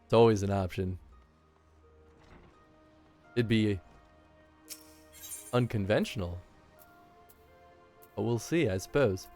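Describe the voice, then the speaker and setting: A man's voice: fairly low pitch, slow, long pauses, a little mellow, soft background music. Sleepy, easygoing male game streamer. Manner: drowsy, easygoing, self-deprecating. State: tired from little sleep. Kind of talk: casual stream chat.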